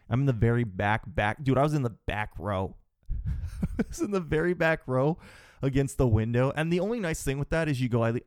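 Male podcast host, casual profane storyteller, mid-pitched, dry close recording. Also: a little mellow, no room sound. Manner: rambling, exasperated, profane storyteller.

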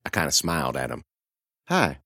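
A man reads a first-person horror story in a dramatic, expressive style. His low voice moves widely in pitch, and the recording is dry and close with no room sound. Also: a little fast, dry recording.

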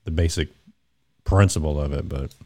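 Male podcast guest, very low voice, relaxed and agreeable. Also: moderate pace. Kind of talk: casual podcast chat.

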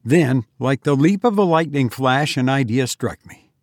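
A man reading an audiobook aloud in a measured, deliberate way. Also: mid-range voice, animated, dry recording, studio quality. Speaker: narrator. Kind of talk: audiobook narration.

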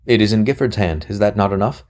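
A man reading aloud, voicing an excitable young male conspirator who snaps and sneers bitterly. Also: lowish voice, quick pace, close to an everyday voice. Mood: snappish. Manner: snapping, bitter, boastful.

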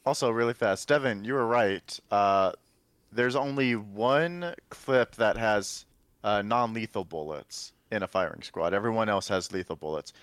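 A man's voice: on the low side, unhurried, a bit bright, no echo. A man co-hosting a podcast in a casual chat, who asks questions and reads out facts. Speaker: podcast co-host.

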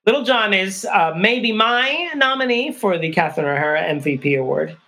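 A woman co-hosting a casual movie discussion, wry and quick to laugh, often trailing off mid-thought. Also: mid-range voice, expressive, fairly bright tone. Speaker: podcast co-host.

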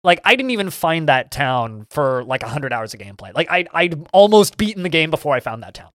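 A man's voice: a little high, big pitch swings, brisk, fairly bright tone, no room sound, clean studio sound. Rambling, eager podcast man. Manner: rambling and enthusiastic, with frequent stammered restarts. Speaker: podcast co-host. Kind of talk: casual chat about video games.

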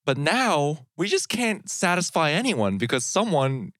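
A man's voice: fairly high pitch, very animated, a little slow, a bit bright, dry recording, studio quality. A man co-hosting a comedy podcast in casual chat, riffing with self-deprecating jokes. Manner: joking, self-deprecating, rambling riffs. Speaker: podcast co-host.

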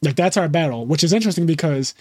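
A man co-hosting a casual chat about a TV show, animated and swearing freely as he quotes the dialogue. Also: fairly high pitch, fast talker, no echo, studio quality. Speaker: podcast co-host.

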